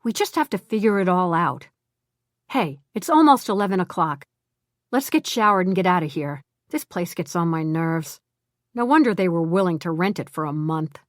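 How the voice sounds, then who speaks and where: A woman's voice: on the low side, lively intonation, moderate pace, no echo, clean studio sound, natural voice. A woman voicing a cheerful, bossy male ex-con who schemes and jokes. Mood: brisk. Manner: jovial, plotting and sometimes doubtful.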